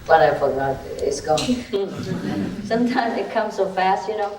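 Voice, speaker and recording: A woman spiritual teacher giving a talk to an audience, chatty and lively, laughing often, with loose non-native grammar. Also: mid-range voice, a little slow, crowd noise. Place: gathering hall with audience. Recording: echoey archive recording from a distant mic with background noise.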